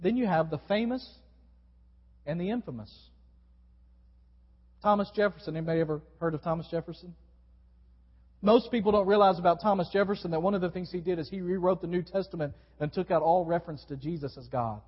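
High-pitched guy preaching a sermon, voice rising and dropping a lot, dull muffled church recording. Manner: preaching with wide swings in pitch and volume. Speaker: pastor. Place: church sanctuary. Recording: dull recording in a long-reverb hall.

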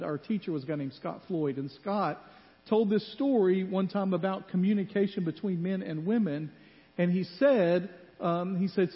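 A male pastor preaching a sermon in a church, telling stories and acting out the voices in them. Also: high-pitched. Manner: animated storytelling, acts out voices in quotes. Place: church sanctuary. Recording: muffled hall with long reverb.

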